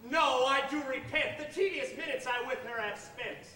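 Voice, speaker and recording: A man's voice: extremely high pitch, normal speed, sharp tone, a little hiss or hum. A man playing a young, impetuous Athenian nobleman, earnestly declaiming verse on a stage. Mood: ardent. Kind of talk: stage play performance. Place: theater stage. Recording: echoey stage from far off.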